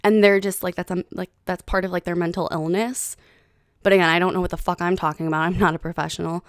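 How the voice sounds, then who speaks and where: A woman in her thirties hosting a podcast, chatting casually in an animated, heated way with plenty of swearing. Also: fairly low pitch, fast talker, no room sound, clean studio sound. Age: 30s. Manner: animated, profane, heated storytelling. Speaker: podcast host. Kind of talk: casual chat.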